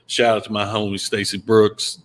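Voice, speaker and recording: A man's voice: fairly low pitch, completely flat delivery, normal speed. A man with a Kentucky accent hosting a podcast, laid-back and joking. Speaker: podcast host. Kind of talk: casual podcast chat.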